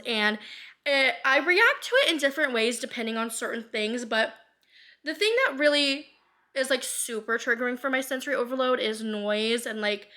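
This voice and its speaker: Chatty, bright-voiced young woman vlogging. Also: on the high side. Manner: rambling with many fillers and frequent laughs; swears casually. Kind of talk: candid personal vlog.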